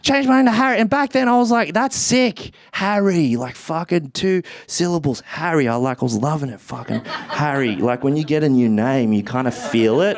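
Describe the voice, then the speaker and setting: A man, performing a stand-up comedy routine with profane, animated storytelling and shouted punchlines. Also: medium pitch. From Australia. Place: theatre stage with a live audience.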